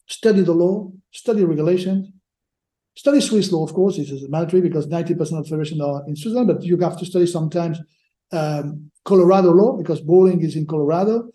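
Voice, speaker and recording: In a roomy, echoing recording, a man with a high, dark-toned voice gives interview answers on a podcast where he's a sports lawyer guest. His delivery is halting, with repeated words as he searches for phrasing.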